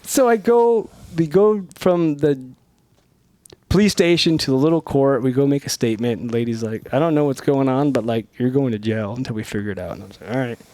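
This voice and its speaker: Here a podcast guest, a middle-aged Northern Californian, spins profane, animated stories and performs the quoted lines himself. His pitch is medium, he speaks a little fast, and there's no room sound.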